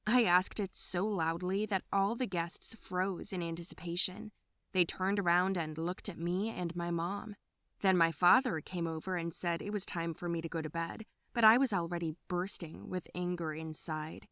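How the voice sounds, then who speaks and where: A woman narrating an animated story in the first person, telling it in a confessional way from a close studio mic. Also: on the low side, normal speed, no echo.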